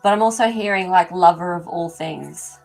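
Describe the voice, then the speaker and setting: A woman's voice: on the low side, normal speed, gravelly, a little mellow, faint music behind, low-quality recording. A woman hosting a live animal communication show, talking casually to viewers and thinking aloud with many ums. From not from America. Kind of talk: live-stream reading for viewers.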